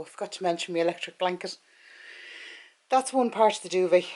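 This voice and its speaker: A woman in her forties with an Irish accent, chatting to camera in her bedroom at night, out of breath and tired, rambling and correcting herself as she goes. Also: fairly low pitch. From Ireland. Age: 40s. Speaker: vlogger. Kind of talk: casual chat to camera.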